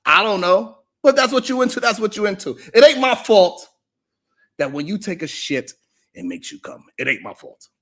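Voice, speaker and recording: High-voiced man trash-talking loudly. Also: big pitch swings, normal speed. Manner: taunting, swings from loud shouts to low mutters. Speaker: podcast host. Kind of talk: mocking roast monologue.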